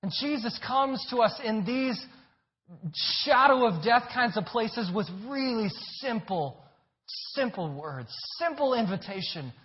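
A man with a high voice preaches a sermon in an earnest, emphatic way, doubling back on his words as he presses each point. The recording is dull and lo-fi. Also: animated, unhurried. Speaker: pastor.

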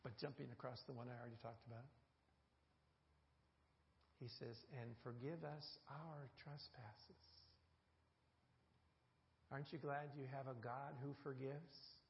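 A man's voice: mid-range voice, flat delivery, moderate pace, creaky, pauses often, dull audio, a little hiss or hum. A male pastor, delivering a sermon and drawing the congregation into call-and-response. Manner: call-and-response preaching, prompting the congregation to repeat.

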